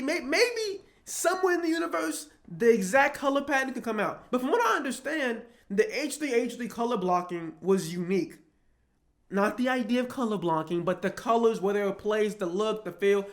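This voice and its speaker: Slangy young man reacting to online drama. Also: high-pitched. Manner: animated and joking, with slang and swearing. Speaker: YouTube commentator. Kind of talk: casual reaction commentary.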